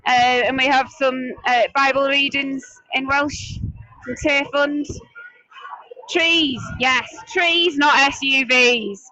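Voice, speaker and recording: A woman's voice: high-pitched, steady tone, takes it slowly, bright, forceful tone, dry recording, highs cut off. A woman reporter doing live roving interviews at an outdoor march, chatty and upbeat, recorded on a handheld mic. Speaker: street reporter.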